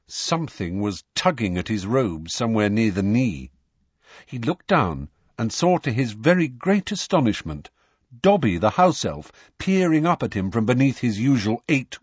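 A man narrates a story with lively, varied intonation and a husky, breathy tone. The recording is dull and lo-fi, with a dry, close sound. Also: medium pitch, no room sound. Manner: animated storytelling reading. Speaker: audiobook narrator. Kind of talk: scripted narration.

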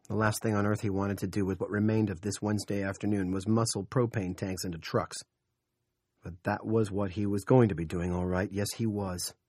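A man narrating an audiobook in a gritty, husky voice, slipping into gruff character dialogue. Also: on the low side, darkish tone, no room sound, studio quality.

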